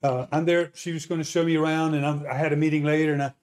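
A man preaching, telling a testimony story as an animated storyteller who asks his listeners questions. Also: a little high, fast talker.

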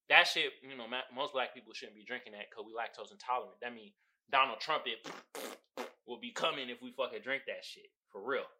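A man hosting a podcast, riffing on memes in casual comedic commentary. He swears freely, laughs often and swings between loud whoops and low mutters. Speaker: podcast host.

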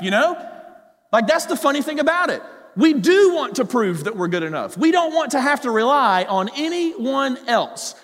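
A male pastor preaching a sermon, animated, swinging between loud emphasis and quiet low asides. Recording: hall with long reverb.

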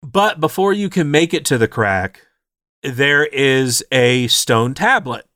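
A man chatting casually about a video game, lively and animated, often acting out the characters' lines. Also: medium pitch, no room sound, clean studio sound. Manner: animated, acts out characters in quick voices. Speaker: podcast co-host. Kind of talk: casual game recap chat.

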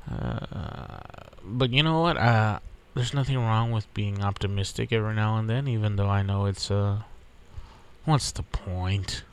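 A man's voice: fairly low pitch, clear, resonant tone. A man from Texas hosting a podcast alone, talking in a rambling, profane, laid-back way. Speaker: podcast host. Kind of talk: casual solo podcast monologue.

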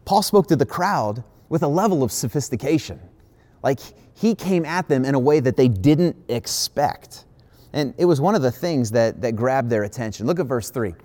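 A man's voice: medium pitch, expressive, normal speed, a little mellow. Conversational Midwestern man preaching. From Midwestern United States. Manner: conversational, emphatic preaching with many "like" asides. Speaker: pastor. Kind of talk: sermon.

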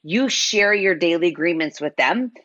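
Earnest low-voiced woman coaching. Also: expressive, moderate pace, a bit bright, no room sound, lo-fi sound. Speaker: health coach guest. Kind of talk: casual conversational interview.

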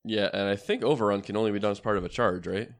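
A man with a gravelly, low voice plays a tabletop game. He checks and quotes the rules as the game goes on. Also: fast. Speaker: player.

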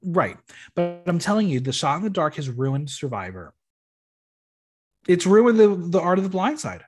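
A man hosting a casual podcast, recapping a reality show in an opinionated, expressive way and swearing freely. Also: high-pitched, moderate pace, soft background music.

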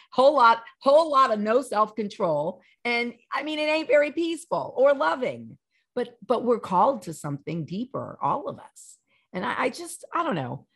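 Animated woman pastor telling stories. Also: on the low side. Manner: animated storyteller, many restarts and quoted dialogue. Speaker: pastor and podcast guest. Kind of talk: casual chat. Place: Los Angeles.

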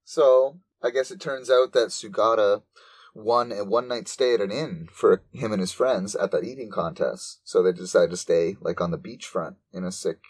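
A man's voice: fairly low pitch, moderate pace, husky, dry recording. A man hosting a podcast, casually recapping a show with lots of fillers. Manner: casual, filler-heavy storytelling. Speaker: podcast host.

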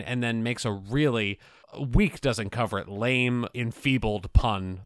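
Male comedy podcast co-host, low, smooth, wry and mock-pedantic, dry close mic. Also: a little slow, dry recording. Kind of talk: casual comedic banter.

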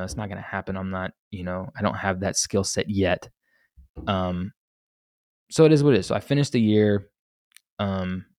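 A man's voice: low-pitched, a little mellow, no echo, clean studio sound. A young man hosting a solo podcast, telling his story candidly and with a lot of swearing, full of restarts. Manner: candid, profane, rambling with restarts. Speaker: podcast host.

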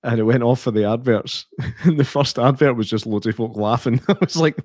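A man's voice: mid-range voice, moderate pace, no room sound, clean studio sound. Laughing Scottish man reviewing films. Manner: animated, swearing, laughs often. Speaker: podcast co-host. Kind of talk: casual film review chat.

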